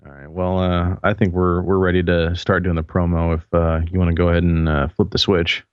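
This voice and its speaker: A man co-hosting a live talk show in casual chat, halting and repeating words as he tells a story. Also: deep voice, little pitch movement, smooth, no room sound. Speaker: co-host. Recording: dull lo-fi mic sound.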